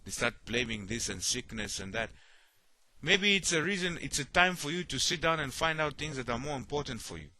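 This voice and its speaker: A man's voice: medium pitch, expressive, fairly quick, bright, forceful tone. A man preaching a sermon, often repeating himself and asking "you see?", acting out the worried voices of others.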